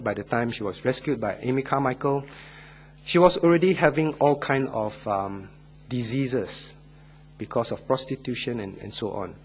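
With slight background noise behind him, a man of medium pitch preaches earnestly and leads a closing prayer. His delivery moves from loud emphasis to hushed lines, and he stretches key words out slowly.

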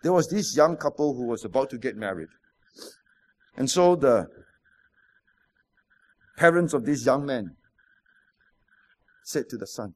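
A man's voice: medium pitch, normal speed, pauses often, a little mellow. A man, preaching a sermon with stories, rhetorical questions and emphatic repetition. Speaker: pastor.

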